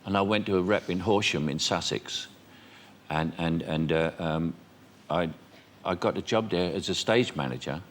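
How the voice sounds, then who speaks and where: An older man appears as a talk show guest, speaking in a low voice at a moderate pace with a little hiss or hum. He tells chatty stories, acts out quoted dialogue, and laughs often.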